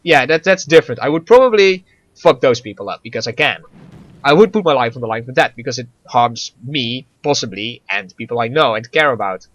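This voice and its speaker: A man's voice: medium pitch, lively intonation, fairly quick, a bit bright, dry recording, highs cut off. A man co-hosting a casual gaming chat, rambling with stammers, restarts and frequent laughs. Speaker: gaming podcast co-host.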